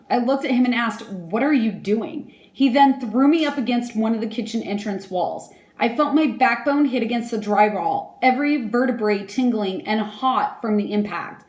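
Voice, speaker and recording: A woman's voice: on the high side, darkish tone. Young woman reading a statement, roomy echo. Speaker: victim giving an impact statement. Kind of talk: reading a prepared statement aloud.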